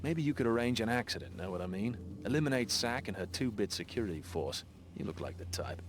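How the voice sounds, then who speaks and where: A cocky Australian pilot. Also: male voice, fairly low pitch, very animated, fast, a little hiss or hum. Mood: scheming. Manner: boastful, slangy, wheedling. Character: brash male pilot, cocky smuggler.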